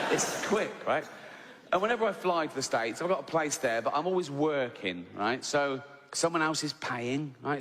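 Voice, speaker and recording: A man's voice: mid-range voice, a bit bright. A middle-aged English man doing a stand-up routine in a conversational, sweary way, often checking in with the crowd. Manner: conversational, keeps checking in with "right?"; swears freely, acts out exasperated little scenes. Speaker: stand-up comedian. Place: large theatre on stage. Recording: live hall with long reverb, faint ambience.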